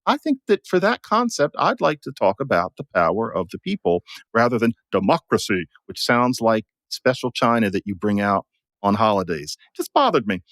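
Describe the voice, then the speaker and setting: A man talking in an animated, emphatic way as a regular guest commentator, explaining his ideas in a conversation. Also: fairly low pitch, moderate pace, no echo. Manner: animated, emphatic, plays with sounds and voices.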